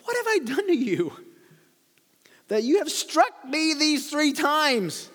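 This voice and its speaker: A wounded, pleading old she-donkey, as a man puts her on pushes her voice up high and strained. The sound rings with a long hall reverb, as if heard in a large room. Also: very animated, takes it slowly, fairly bright tone, full character voice. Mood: hurt pleading.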